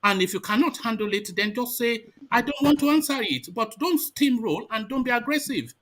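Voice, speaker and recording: A male host keeps order in an online discussion from his home. His voice is high, bright and animated, and he takes control with firm, repeated interjections. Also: fairly quick, slight background noise.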